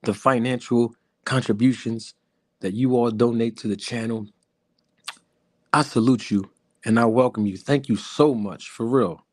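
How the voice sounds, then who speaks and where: A man putting on a soft, smooth crooner voice to address the women watching his live stream. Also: steady tone, dry recording, natural voice. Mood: smooth, courtly. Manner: soft, slow, low and suave. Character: smooth-talking male crooner charming the ladies.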